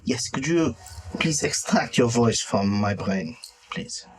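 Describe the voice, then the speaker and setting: A man playing a formal, wordy male adventurer who drops in French words, speaking in a measured, hesitant way. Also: mid-range voice, lively intonation, low-quality recording. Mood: courteous.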